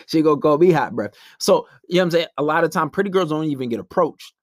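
A young man holds forth in a blunt, brash monologue and acts out the other side of each story. His voice sits high for a man. The sound is dry and close. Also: animated, brisk, dry recording. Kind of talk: casual opinionated monologue.

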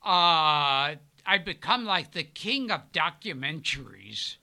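An older man, a podcast guest, telling rambling stories in a halting way, with loud bursts of laughter. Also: fairly high pitch, animated, vocal fry. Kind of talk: casual storytelling chat.

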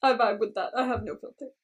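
A woman's voice: fairly high pitch, a little fast, recorded from a distance. A woman co-hosting a podcast, chatting casually and giggling as she retells scenes. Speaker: podcast co-host. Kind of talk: casual chat.

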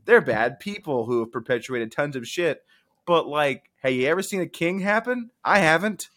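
A young man co-hosting a casual podcast, joking and laughing often as he talks. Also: a little high. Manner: joking, animated, quick laughs. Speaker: podcast co-host. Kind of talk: casual chat.

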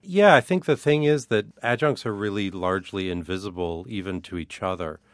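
A man with a very low, deep voice, speaking as a studio interview guest. He explains earnestly and thoughtfully, with a few ums and uhs. The sound is close and dry. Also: fairly quick, no echo. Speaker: guest, adjunct art professor. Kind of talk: radio interview. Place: radio studio.

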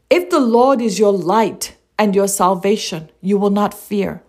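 A woman's voice: medium pitch, a little slow, few pauses, darkish tone. A woman giving a devotional sermon, earnest, reading scripture aloud and asking rhetorical questions. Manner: earnest, repeats lines, asks rhetorical questions. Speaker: preacher.

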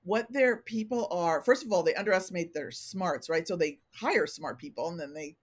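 A woman's voice: fairly low pitch, moderate pace, husky. A middle-aged woman consultant speaking candidly as a guest in a casual interview, acting out what people say to her. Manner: candid, animated, acts out quoted remarks. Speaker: organizational consultant, podcast guest.

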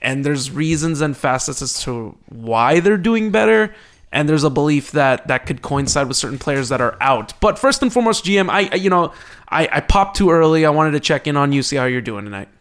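A man co-hosting a casual sports podcast, excitable and quick to laugh. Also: on the high side. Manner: excitable, laughs often, restarts. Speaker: podcast co-host.

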